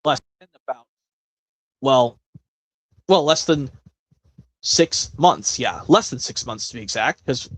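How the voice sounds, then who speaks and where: A man's voice: medium pitch, expressive, slow, pauses often, dry recording. A man hosting a casual live stream, chatting in a rambling way with many self-corrections.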